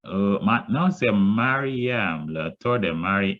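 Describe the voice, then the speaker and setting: A man chairing an online club meeting, switching between English and French, giving brief, easygoing prompts with pauses. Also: lowish voice. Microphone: video call. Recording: muffled online call audio.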